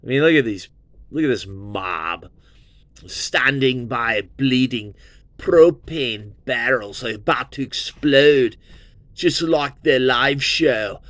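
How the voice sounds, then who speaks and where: A man's voice: medium pitch, lively intonation, slow pace, a bit bright, dry recording. A man in his fifties from Southern California, hosting his own show with a casual, rambling, profane music review. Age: 50s. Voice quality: profane, meandering, full of fillers.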